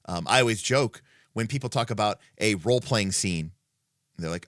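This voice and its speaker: Bright-voiced, emphatic male stream host. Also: on the low side, animated, normal speed, dry recording, clean studio sound. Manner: thinks aloud with many fillers and restarts, reads chat comments; emphatic, opinionated. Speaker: livestream host. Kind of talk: casual livestream chat.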